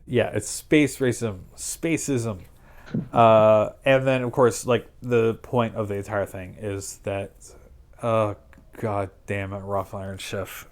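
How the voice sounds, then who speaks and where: A man's voice: on the low side, fairly even intonation. Sarcastic, rambling man chatting. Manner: sarcastic, rambling plot retelling with quick quoted asides. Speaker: streamer host. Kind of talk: casual chat.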